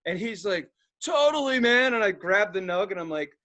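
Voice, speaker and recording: A man's voice: high-pitched, brisk, bright, forceful tone. A man co-hosting a podcast, telling rambling, profane stories in casual chat and acting out the people he quotes. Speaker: podcast co-host.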